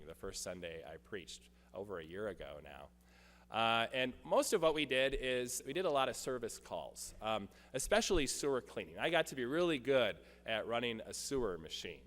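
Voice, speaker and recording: A male pastor telling a personal story in a sermon, with a few light jokes. He has a mid-pitched voice. His voice carries a long reverb through a church sanctuary. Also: a bit bright.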